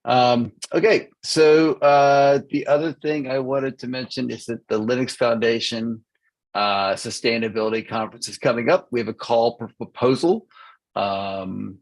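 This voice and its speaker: Gravelly man hosting a video call. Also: medium pitch, low-quality recording. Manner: hesitant, filler-heavy, restarts. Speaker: meeting host. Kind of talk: casual online meeting chat.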